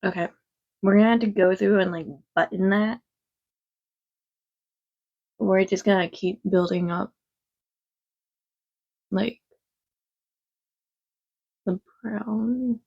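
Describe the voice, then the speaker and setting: Gravelly woman rambling through a makeup tutorial. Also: medium pitch, fairly even intonation, takes it slowly, pauses often, darkish tone, dull audio. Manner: rambling, frank, self-deprecating with swearing. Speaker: makeup vlogger. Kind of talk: casual makeup tutorial chat. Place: quiet home.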